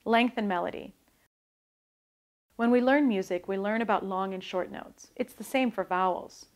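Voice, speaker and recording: A woman, an author, giving a calm, scripted talk on learning languages and demonstrating pronunciation. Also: medium pitch, normal speed.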